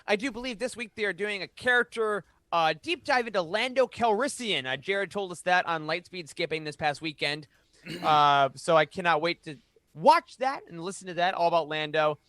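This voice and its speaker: A man's voice: high-pitched, expressive, normal speed, sharp tone, dry recording. A man hosting a podcast, running through updates for listeners in an upbeat, casual way. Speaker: podcast host.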